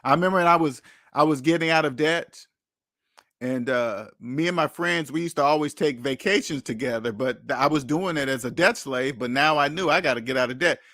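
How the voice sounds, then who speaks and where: A man's voice: on the high side, brisk, sharp tone, no echo, studio quality. A man hosting a live money chat, talking casually and animatedly, repeating himself and acting out the people he quotes. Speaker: channel host answering chat.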